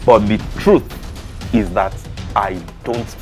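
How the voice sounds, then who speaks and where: A man's voice: lowish voice, fairly even intonation, slow pace, music in the background. A man, a teacher speaking as a panel guest, stating his opinions emphatically. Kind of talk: panel discussion.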